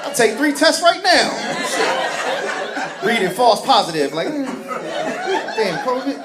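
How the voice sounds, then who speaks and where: High, lively stand-up comedian with a crowd. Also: male voice, unhurried, heavy background noise. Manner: profane, sarcastic storytelling with put-on voices. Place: comedy stage before a live crowd. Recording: roomy live venue with crowd laughter.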